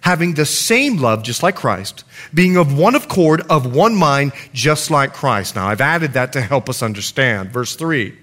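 A man preaching a sermon to his church, telling stories and reading scripture with emphatic, animated delivery. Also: measured pace. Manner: animated storytelling preacher, emphatic swings in pitch. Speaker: pastor.

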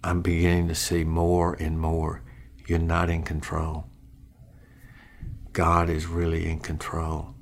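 Older guy talking slow and low, earnest faith story, gets soft and quiet. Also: completely flat delivery. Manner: earnest and reflective, growing quiet and soft-spoken. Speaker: funeral home worker. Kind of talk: personal faith testimony.

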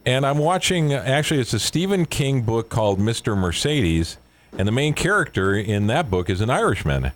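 Man podcast host, lively pitch, laughs a lot, casual chat. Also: normal speed, slight background noise. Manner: laughs often, retells jokes with acted voices. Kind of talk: casual joke-telling chat.

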